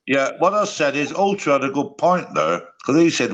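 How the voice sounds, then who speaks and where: A man hosting a heated livestream panel, swearing while telling guests to keep it low key. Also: normal speed, muffled recording. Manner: swearing, trying to calm things. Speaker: panel host.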